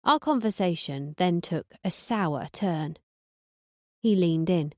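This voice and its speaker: Deadpan woman narrator, dry and close. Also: on the low side, slow, dry recording. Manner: sardonic, deadpan. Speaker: audiobook narrator. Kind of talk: first-person audiobook narration.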